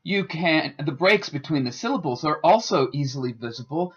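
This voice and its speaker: A man giving a scripted instructional narration as a student presenter, with a careful, deliberate teaching delivery. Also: a little high, expressive, a bit bright, slightly rough. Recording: dull lo-fi voice-over.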